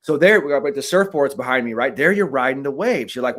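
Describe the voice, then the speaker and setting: A man in a relaxed podcast chat who coaches the mental side of the job. He tells a story in a loose, lively way, swearing casually and tagging his sentences with "right?". His voice sits at an ordinary middle pitch. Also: quick pace, hardly any pauses. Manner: animated, swears casually, frequent "right?" tags.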